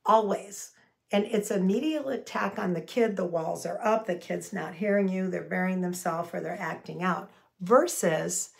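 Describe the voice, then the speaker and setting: Gravelly-voiced woman coaching communication. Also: on the low side, moderate pace. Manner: earnest, gives acted-out example phrases. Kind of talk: spoken teaching to camera.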